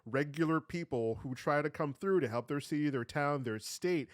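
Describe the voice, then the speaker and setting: Heated, fast-repeating man, dry mic. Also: fairly high pitch, dry recording. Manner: heated, repeats words, says bro. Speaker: co-host. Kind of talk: casual podcast discussion.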